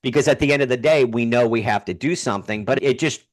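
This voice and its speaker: A man who is a guest on a podcast, speaking as a humor consultant, telling stories in a sarcastic, animated way. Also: medium pitch, fast. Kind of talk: casual podcast interview.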